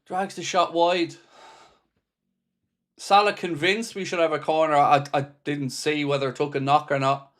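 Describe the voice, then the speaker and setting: A man's voice: on the high side, steady tone, normal speed. A man hosting a live football watchalong for fans, commentating on the match with frustration, swearing freely and reading out viewers' chat messages. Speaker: fan channel host.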